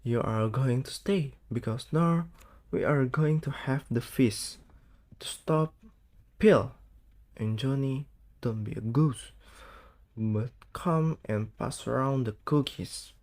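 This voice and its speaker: A bossy, spirited eldest sister, scolding her younger siblings, as a young man puts her on. The reading is slow and a little halting, with a mellow, soft tone. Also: medium pitch, lightly acted.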